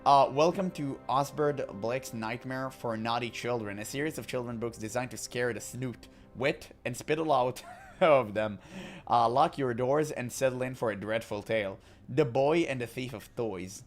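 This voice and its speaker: A man's voice: medium pitch, moderate pace. A man casually reading in-game books aloud and joking between passages, with faint music behind him. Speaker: gaming commentator.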